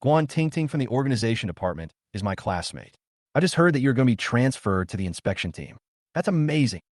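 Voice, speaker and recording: A man's voice: medium pitch, big pitch swings, quick pace, no echo, studio quality, natural voice. Sweet coquettish young woman, read by a man. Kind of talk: recap narration with quoted lines.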